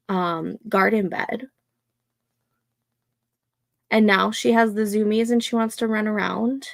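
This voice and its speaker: A woman's voice: medium pitch, gravelly, dry recording. A young adult woman hosting a casual livestream from home at night, chatting with viewers and talking to her dog. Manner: talks to her dog between remarks to viewers. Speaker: livestream host. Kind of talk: casual chat to a livestream audience.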